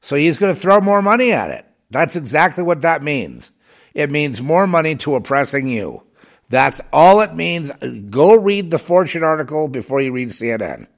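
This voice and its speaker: A man delivering a heated, rambling monologue as a self-styled prophetic broadcaster, swinging between loud outbursts and muttered asides. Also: on the high side, very animated, moderate pace. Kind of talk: agitated monologue.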